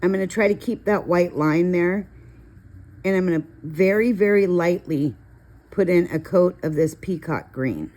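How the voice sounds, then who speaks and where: A woman's voice: on the low side, moderate pace, dark tone. A middle-aged woman hosting a coloring video, chatting casually and telling rambling stories while she works. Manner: chatty, storytelling, rambling asides. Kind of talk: casual coloring tutorial chat.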